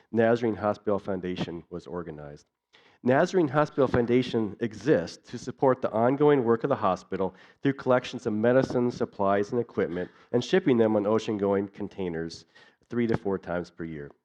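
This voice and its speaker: A man's voice: fairly low pitch, darkish tone. A man giving a church missions talk in an earnest way, building his points through repeated lists, in a dull lo-fi recording. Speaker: missions speaker.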